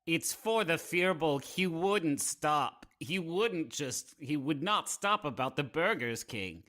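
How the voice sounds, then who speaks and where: A man's voice: on the high side, lively intonation, slow pace, pushed and bright. A man playing a tabletop game, joking and theatrical in and out of character. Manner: jokey and theatrical. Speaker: player.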